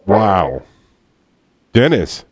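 Male radio co-host, slightly low pitch, dry studio sound, upbeat banter. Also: sing-song, very slow, breathy edge, no room sound. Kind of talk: casual radio chat and poetry reading.

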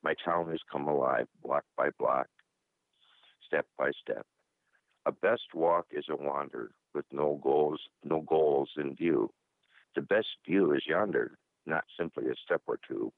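An older man from Michigan, calling in to read his own poem aloud in a slow, measured recitation. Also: extremely low pitch, creaky, no room sound. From Michigan, USA. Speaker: caller reading his poem. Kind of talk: poetry reading. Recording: tinny phone line.

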